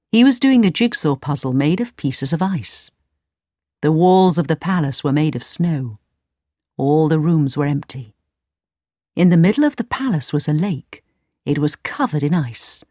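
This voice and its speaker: A woman narrating a storybook in a clear, measured way. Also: low voice, darkish tone, dry recording, clean studio sound. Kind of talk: storybook reading.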